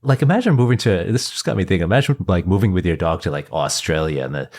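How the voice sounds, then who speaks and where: A man's voice: sits low, animated, fast talker, darkish tone. A man hosting a casual podcast, affirming his guests and adding playful, jokey asides. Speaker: podcast host.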